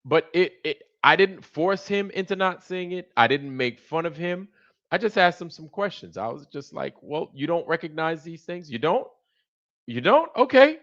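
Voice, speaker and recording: Male stream host, casual chatty storyteller, acts out dialogue, bright tense tone. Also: fairly high pitch, moderate pace, muffled recording. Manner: animated storytelling, acts out both sides of conversations. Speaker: livestream host. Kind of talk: casual monologue.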